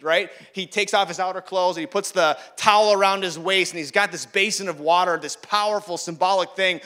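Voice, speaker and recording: A man giving a sermon in a conversational way, acting out the voices he quotes and swinging from loud to hushed. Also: on the high side, a little fast. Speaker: pastor.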